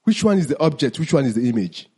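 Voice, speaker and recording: A man's voice: mid-range voice, sing-song, fast, mellow, breathy edge. A man teaching mindfulness to an audience, asking them questions and then answering them himself.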